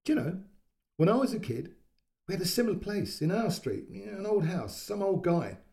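A man's voice: sits high, big pitch swings, brisk, vocal fry, dark tone, voice pushed up, heavily acted. A man doing an amused, cheerful aunt. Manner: light, amused. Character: cheerful adult woman, laughing aunt.

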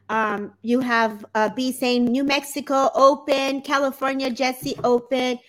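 Hosting a casual live-stream psychic chat over video, a woman medium gushes effusively and emotionally. Her voice is a little high and flat in delivery, a little slow, with hardly any pauses.

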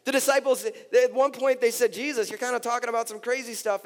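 A middle-aged male pastor preaching a sermon, earnest and impassioned, his voice climbing high when he pleads. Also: fairly even intonation, a little fast, hardly any pauses. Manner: impassioned, rising to near-shouted pleas in emotional passages. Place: large church hall. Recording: reverberant church hall with soft music.

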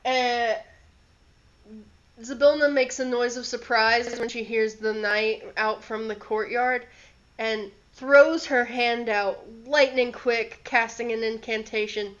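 Slow-talking woman game master. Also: fairly high pitch, fairly even intonation, a bit bright, muffled recording. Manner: unhurried, with fillers. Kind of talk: narrating a tabletop game.

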